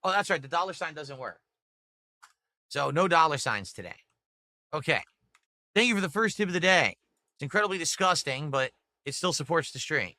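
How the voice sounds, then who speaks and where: A man's voice: fairly high pitch, expressive, moderate pace, long pauses, sharp tone, no room sound. A middle-aged man hosting a livestream, chatting casually and reading out his viewers' messages and tips. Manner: rambling, talks to chat and reads out tips. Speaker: livestream host.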